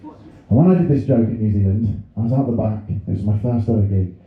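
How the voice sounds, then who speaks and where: A man's voice: lowish voice, quick pace. A man in his thirties doing a self-deprecating stand-up set in a comedy club, telling stories about his mum with quoted asides. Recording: very echoey, phone-like audio.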